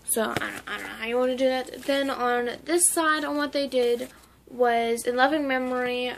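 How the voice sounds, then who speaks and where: High-voiced rambling young woman vlogger. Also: moderate pace, vocal fry, background noise. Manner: rambling, full of "like" and restarts. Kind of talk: casual memorial vlog.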